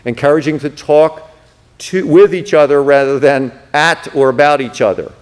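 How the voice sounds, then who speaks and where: A man, a pastor, teaching a counseling class in a conversational lecture style, often checking in with the class and going softer and slower when he models calm talk. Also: fairly high pitch. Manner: drops to a soft slow voice when modeling calm speech. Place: church hall. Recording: echoey church room.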